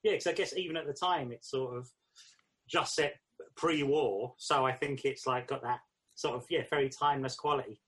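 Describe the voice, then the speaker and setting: A man co-hosting a casual chat, relaxed and hedging, full of "sort of" and "like". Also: mid-range voice, moderate pace, slightly rough. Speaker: podcast co-host.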